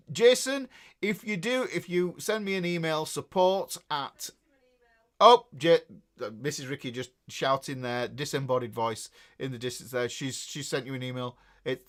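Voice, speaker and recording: A man's voice: on the high side, a bit bright. A man with a Northern English accent hosting a live guitar class, chatting casually and reading out viewers' greetings. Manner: chatty and rambling, with frequent restarts and laughs.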